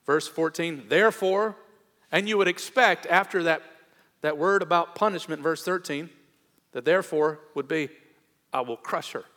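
Earnest preacher in a reverberant hall. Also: male voice, on the high side, normal speed. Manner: earnest, swinging between hushed tender and raised emphatic. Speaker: pastor. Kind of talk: sermon.

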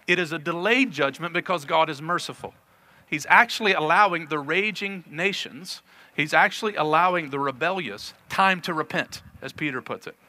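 A man's voice: sits high, pushed and bright. A man preaching a sermon as pastor, reading scripture aloud with earnest emphasis.

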